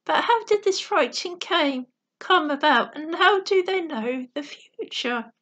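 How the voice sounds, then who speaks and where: A woman's voice: high-pitched, expressive, a little slow, a bit bright. A woman reading a determined little shepherd girl's lines in an earnest, insistent way.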